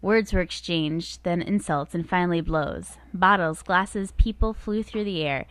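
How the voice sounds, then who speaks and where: A woman's voice: lowish voice, measured pace, clear, resonant tone, dry recording. A woman co-hosting a casual talk show, chatting and reading jokes aloud from a list. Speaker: podcast co-host.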